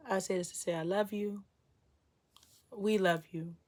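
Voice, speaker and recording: A woman's voice: mid-range voice, steady tone, a little slow, long pauses, a little mellow. Young woman talking straight to camera, preachy, emphatic, swears sometimes, keeps asking "you confused?"-type questions. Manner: emphatic, repetitive rhetorical questions. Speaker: vlogger. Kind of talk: motivational talk to camera.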